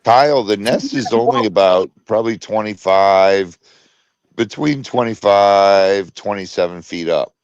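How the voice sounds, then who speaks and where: A man co-hosting a live stream in relaxed, amused casual chat. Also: lowish voice, unhurried, dry recording. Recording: dull lo-fi dry sound.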